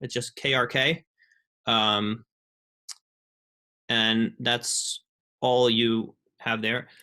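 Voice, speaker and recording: A young man giving a casual student presentation on a video call, halting with many ums and restarts. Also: mid-range voice, little pitch movement, sharp tone, smooth. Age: young adult.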